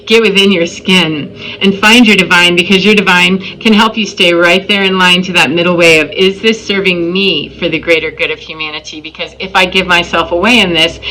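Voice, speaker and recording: Bright-voiced woman in spiritual monologue. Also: fairly low pitch, a little hiss or hum, poor audio. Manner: emphatic, storytelling with acted-out quotes. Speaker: spiritual vlogger. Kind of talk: casual monologue.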